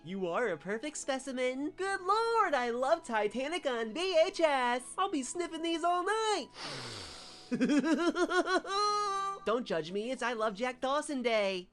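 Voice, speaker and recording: A woman hosting a vlog, narrating in a giddy, jokey, excitable voice-over. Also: high-pitched. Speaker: vlog host.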